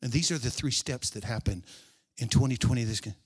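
Speaking a little fast, a male pastor with a breathy, medium-pitched voice preaches his sermon. He leans on key phrases, repeating and drawing them out, and at times drops to a hushed aside.

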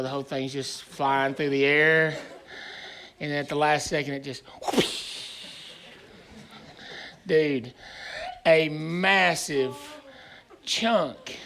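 A man preaching in a high, bright voice, a pastor spinning a funny tale for his congregation. He tells it with animated, self-mocking energy and keeps breaking into little chuckles, with a crisp, forward tone. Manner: animated, self-deprecating storyteller who chuckles often. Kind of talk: sermon with humorous storytelling. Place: church sanctuary before a live congregation.

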